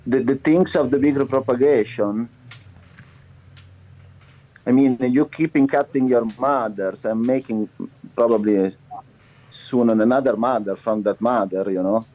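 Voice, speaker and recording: A man speaking haltingly in a casual chat, stacking fillers as he searches for words. His voice is mellow and dark. The sound is slightly dull. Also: mid-range voice.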